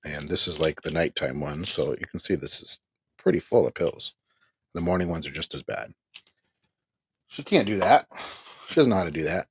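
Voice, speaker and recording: A middle-aged man hosting a livestream, talking in a weary, exasperated way with a husky voice and rueful laughs while he reads the chat. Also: a bass voice, animated, moderate pace, pauses often, no room sound. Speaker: livestream host. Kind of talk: venting on a livestream, reading chat.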